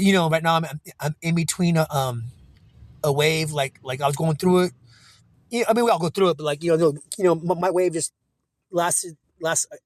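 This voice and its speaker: High-voiced man, rambling, profane. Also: no echo. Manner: profane, rambling, many restarts; reads verses slowly in old-style diction. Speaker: self-taught scripture teacher. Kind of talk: informal scripture breakdown video. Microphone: cell phone.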